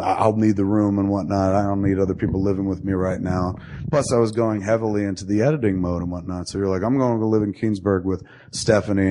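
A man in his forties hosts a podcast, his voice low and mellow. He tells long, profane stories in a casual way, laughing as he goes.

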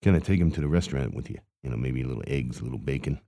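A man putting on a hapless carnival cotton candy vendor with an extremely deep, gravelly voice, mumbling and stammering through his shift between weary groans. The tone is dark and muffled, and the voice sits close and dry with no room sound at all. It plays as a mumbled, improvised character monologue. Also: rapid-fire, no room sound. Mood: grumbling.

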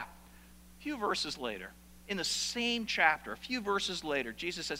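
A man preaching a sermon as a pastor, animated and repeating phrases for emphasis. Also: high voice, a little slow, big-room sound.

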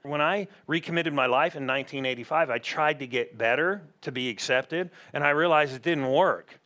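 Animated middle-aged male preacher. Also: on the high side, normal speed. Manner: animated, acts out little voices to make points. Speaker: pastor. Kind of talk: sermon.

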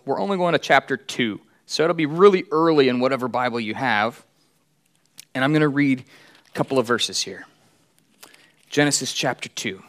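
Middle-aged male pastor, slightly high voice, relaxed storytelling sermon delivery. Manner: conversational storytelling with acted quotes.

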